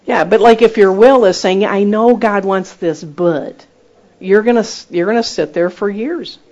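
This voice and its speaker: A woman's voice: mid-range voice, normal speed. A woman minister giving an informal, chatty sermon to a group, mixing teaching with personal stories. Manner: lively, chatty, laughs at her own stories. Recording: dull lo-fi recording.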